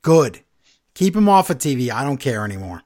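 A man's voice: medium pitch, very animated, a little fast, a little mellow. A man co-hosting a casual podcast, chatting through a wrestling recap and quoting the wrestlers. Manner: chatty recapper, quotes wrestlers in mock voices. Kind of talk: casual chat.

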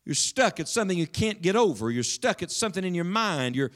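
A male pastor preaches to a seated congregation in a church sanctuary. His voice sits high for a man, and he swings from emphatic declarations to sudden hushed tones, often pausing to ask the room direct questions. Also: very animated. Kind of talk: sermon.

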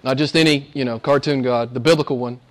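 A man with a Southern American accent preaching a sermon with passion, swinging between loud emphasis and hushed asides. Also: mid-range voice, fairly even intonation, quick pace. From Southern United States. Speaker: pastor.

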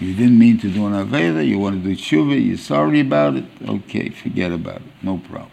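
A man giving an informal Torah lecture as a rabbi, halting and restarting as he searches for words. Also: fairly low pitch, expressive, vocal fry, mellow, a little hiss or hum. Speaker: rabbi teaching a weekly Torah class.

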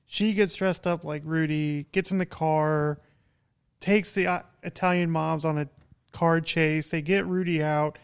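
A man co-hosting a podcast, talking in a relaxed, wry way as he walks through a plot. His voice is smooth and clear, and it sits a little high for a man. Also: unhurried. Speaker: podcast co-host. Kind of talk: casual chat recapping a movie.

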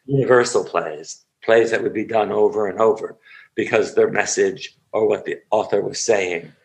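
A man who works as an actor and acting teacher, reminiscing in an interview as an animated storyteller with frequent restarts and asides. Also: fairly low pitch, normal speed, vocal fry, poor audio.

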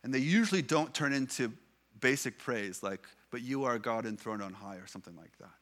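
A man preaching a sermon in an earnest way, building emphasis with repeated phrases and slowing down to read scripture aloud. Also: medium pitch, lively intonation, fairly bright tone. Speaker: pastor.

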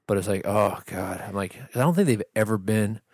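A man in a casual chat, backing up his partner with quick agreement and his own asides. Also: lowish voice, lively intonation, no room sound, studio quality. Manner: supportive listener, frequent quick agreement.

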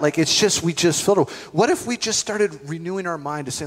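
Middle-aged man, pastor, casual storytelling sermon, higher-pitched voice, church hall reverb. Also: a little fast, few pauses. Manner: conversational, animated storytelling with asides.

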